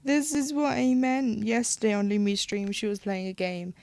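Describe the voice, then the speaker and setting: A woman's voice: medium pitch, fairly even intonation, moderate pace, darkish tone, no echo. A British woman streaming live, chatting casually while she cross-stitches, rambling and losing her thread. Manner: rambling, chatty, loses her train of thought.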